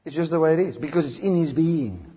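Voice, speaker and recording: A man preaching a sermon, switching between loud emphatic declarations and quiet low asides. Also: animated, fast, slightly rough. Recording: dull sound with long hall reverb.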